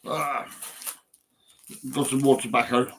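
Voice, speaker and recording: A man's voice: medium pitch, level tone, slow, fairly bright tone, a little hiss or hum. A man vlogging at home, rambling casually with lots of fillers and the odd swear.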